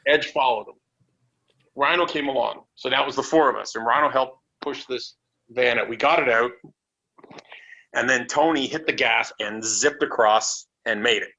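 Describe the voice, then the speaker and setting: Animated storytelling man, bright voice. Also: mid-range voice, normal speed. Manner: animated, acts out voices in his stories; swears freely. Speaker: wrestler guest. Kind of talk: casual storytelling. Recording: dull lo-fi podcast audio.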